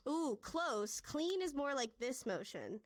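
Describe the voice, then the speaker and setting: A woman's voice: high voice, big pitch swings, takes it slowly, dry recording. A woman teaching a casual sign language class in a virtual classroom, upbeat and chatty, laughing often as she walks learners through hand motions.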